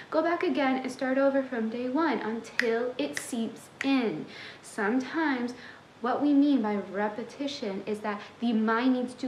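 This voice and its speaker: A woman's voice: on the high side, reverberant, a little hiss or hum, low-quality recording. A young woman who coaches manifestation, giving a sassy, tough-love motivational talk straight to her viewers.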